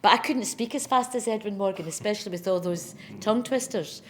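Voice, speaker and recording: A woman with a Scottish accent speaking as a poet in an on-stage interview. She talks in a chatty, animated way and reads verse with strong emphasis. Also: mid-range voice, brisk. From Scotland. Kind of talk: conversational chat and poetry reading.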